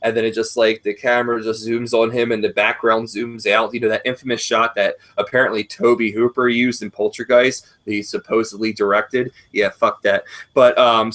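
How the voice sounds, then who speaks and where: Profane rambling man ranting. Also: medium pitch. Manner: profane, rambling, animated storytelling. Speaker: podcast co-host. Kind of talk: casual ranting chat.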